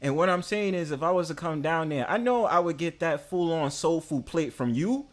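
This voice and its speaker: A man's voice: a little high, animated, moderate pace. A man with a New York accent, hosting a casual panel chat, boastful and playful. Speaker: host.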